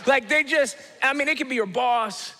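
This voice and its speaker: A man preaches a comedic sermon from a church stage. His voice sits high and rings bright, and he acts out the people in his stories with sudden leaps in pitch. A long reverb from the large hall trails each phrase. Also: normal speed. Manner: animated storytelling, acts out quoted people with jumps in pitch. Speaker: teaching pastor. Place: church auditorium.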